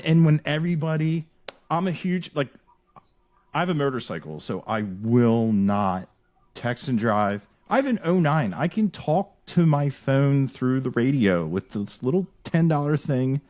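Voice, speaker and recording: A man with a voice on the high side hosts a casual podcast chat, telling stories in an animated, rambling way and frequently restarting his sentences.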